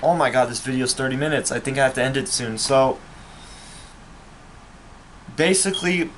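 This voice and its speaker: A man's voice: mid-range voice, moderate pace, fairly bright tone, a little hiss or hum. A man, a vlogger, ranting to camera in a bitter, angry and profane way. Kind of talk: personal rant to camera.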